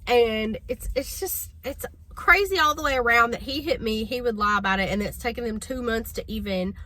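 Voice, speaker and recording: Woman vlogger, casual storytelling, bright clear voice, exasperated. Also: fairly high pitch, moderate pace. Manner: chatty, exasperated, addresses viewers as y'all.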